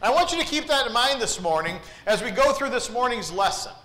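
A man's voice: very high voice, lively intonation, quick pace, sharp tone, echoey room. A man preaching a sermon in church, earnest and asking the congregation questions. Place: church sanctuary.

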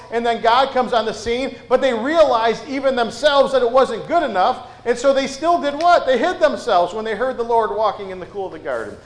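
Male pastor, higher register, folksy conversational sermon, roomy church sound. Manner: folksy, frequent "uh" and "right?" asides. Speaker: preacher. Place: church sanctuary.

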